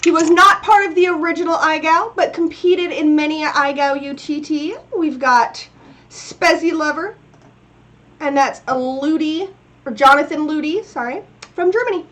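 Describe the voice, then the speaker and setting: A woman's voice: sits high, moderate pace, fairly bright tone. A woman co-hosting a casual livestream from her home studio, upbeat and giggling often. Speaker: co-host.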